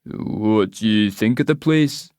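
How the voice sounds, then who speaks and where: A man doing a pushy, slow-talking young pub lout. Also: fairly low pitch, a little mellow, clear, resonant tone, dry recording, clean studio sound.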